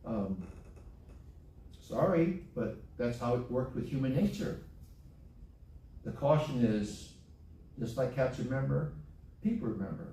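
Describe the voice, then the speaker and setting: A man's voice: mid-range voice, sing-song, measured pace, long pauses, warm tone, slight background noise. A man preaching a sermon in a church, folksy and repeating phrases for emphasis. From Hawaii. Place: church sanctuary. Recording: echoey church hall, from far off.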